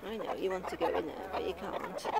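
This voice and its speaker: A woman keeping chickens, talking softly and dotingly to her hens and new chicks outdoors by the coop. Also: lowish voice, a little fast, vocal fry, very noisy. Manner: soft, doting, talks to the birds. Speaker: backyard chicken keeper. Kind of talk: cooing chat to hens and chicks. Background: clucking hens and cheeping chicks.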